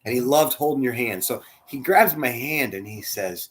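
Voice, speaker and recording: A man leading a church, telling a heartfelt personal story in a sermon, dropping to a hush and rising loud as he acts out the quotes. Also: medium pitch, animated, normal speed, hardly any pauses, a little hiss or hum. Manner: emotional, swings from hushed to loud, acts out quotes. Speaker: church spiritual leader.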